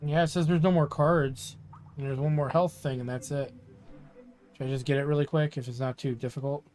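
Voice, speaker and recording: A man's voice: medium pitch, fairly quick. A man streaming a game, casually muttering commentary to himself as he plays. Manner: relaxed, muttering to himself while playing.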